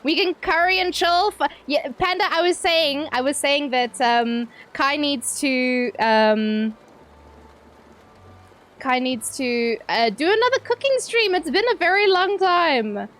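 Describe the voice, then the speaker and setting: A young woman with a high, bright-pitched voice chatting live with her stream audience. She talks in a loose, playful way, tossing out swear words and breaking into laughs. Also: lively intonation, slow. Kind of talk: casual live-stream chat with viewers.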